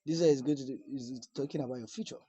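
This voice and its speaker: A man's voice: mid-range voice, fast talker, warm tone, slightly rough, dry recording, rough recording. A man coaching viewers through an application in an instructional talk to camera, talking emphatically, repeating key points and restarting phrases.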